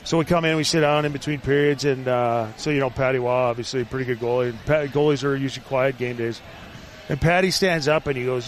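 A man's voice: a little high, steady tone, fast talker, a little hiss or hum. A man hosting a casual chat, telling long rambling stories with constant filler words. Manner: rambling, heavy use of "like". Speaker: podcast host.

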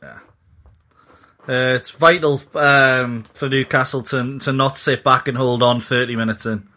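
A man adding relaxed, hesitant co-commentary to a live match. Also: medium pitch, unhurried. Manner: laid-back, hesitant, with fillers.

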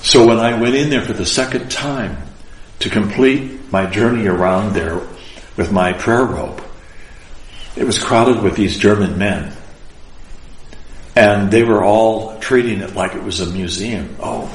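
A man who is an Orthodox priest, telling a personal spiritual story in an earnest, deliberate, emotional way. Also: lowish voice, slight background noise. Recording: roomy echo.

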